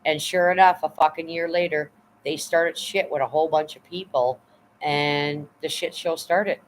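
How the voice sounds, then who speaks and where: A woman's voice: deep voice, fairly even intonation, normal speed, a little hiss or hum, rough recording. A woman hosting her live stream in casual chat, blunt and profane, rambling as she reads and answers her chat. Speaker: livestream host.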